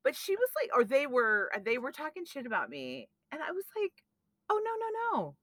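A woman in her forties telling stories in casual chat as a podcast co-host, animated and profane, acting out what people said. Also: sits high, normal speed, no echo. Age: 40s. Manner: animated, profane storytelling with acted-out quotes.

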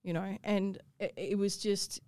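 Woman guest, candid and sweary, smooth clear voice, dry close sound. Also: mid-range voice, fairly even intonation, a little slow, mellow, dry recording. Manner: blunt, swears freely, emotional storytelling. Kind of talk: personal story in interview.

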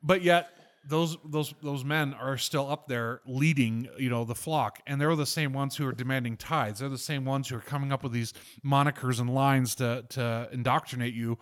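A man hosting a casual podcast, telling stories with animated, irreverent energy that turns preachy when he makes a point. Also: mid-range voice, normal speed. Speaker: podcast host.

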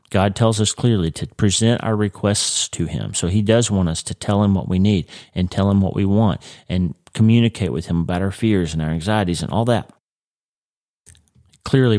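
Congested male teacher, very low voice, dry close sound, earnest and explanatory. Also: darkish tone, no echo. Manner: earnest, explanatory, with occasional restarts. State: congested, with jaw pain. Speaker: Christian teacher of a weekly series. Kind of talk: conversational faith teaching.

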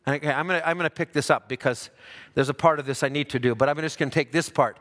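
Preacher guy with a high voice in a big echoey hall, goes quiet on asides then loud on the big points. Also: quick pace. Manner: animated preaching, drops low for asides and rises loud for emphasis. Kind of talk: sermon. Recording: hall reverb.

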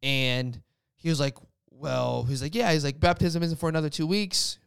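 A young man tells his faith story in a loose, rambling way, full of "like" and restarts. His slightly high voice has a gravelly edge yet stays smooth and resonant. He sounds close and dry, with no room around him. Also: steady tone, moderate pace, dry recording. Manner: casual, rambling with many "like" fillers. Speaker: guest sharing a faith story. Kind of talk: casual testimony chat.

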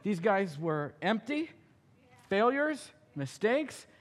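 A male pastor preaching a sermon, telling the story with animated acting-out of characters. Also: high-pitched, slow pace, big-room sound.

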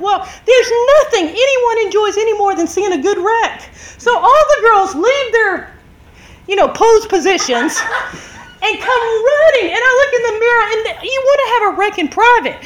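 A woman preaching a sermon, telling a story with lively drama and acted-out shouts. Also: very high voice.

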